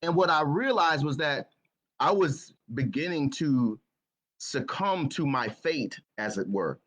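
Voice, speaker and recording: A man's voice: on the high side, animated, unhurried, a bit bright. A man giving a motivational talk, telling his own story in an earnest way and often repeating his words. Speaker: motivational speaker.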